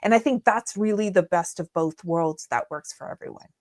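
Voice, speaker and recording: A woman's voice: on the low side, normal speed, darkish tone, dry recording. Woman guest walking through how she works, keen and chatty, dry sound. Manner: enthusiastic, explaining step by step. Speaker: guest, digital marketing strategist. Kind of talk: conversational interview answers.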